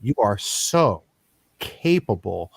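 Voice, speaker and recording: Excitable man with a Philly accent. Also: on the low side, slow pace, creaky, husky, no echo, clean studio sound. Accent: Philadelphia. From Philadelphia. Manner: excitable, repeats words, laughs often. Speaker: podcast host. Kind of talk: casual interview chat.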